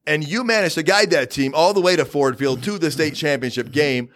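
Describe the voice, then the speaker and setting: Steady podcast host, man. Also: fairly high pitch, a little fast. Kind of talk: casual podcast chat.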